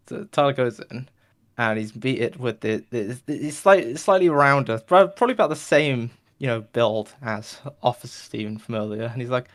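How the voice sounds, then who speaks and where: A man's voice: fairly low pitch, a bit bright. A man hosting a podcast, telling a long rambling joke in a loose, casual way and filling it with whooshing sound effects. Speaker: podcast host. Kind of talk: rambling comedic storytelling.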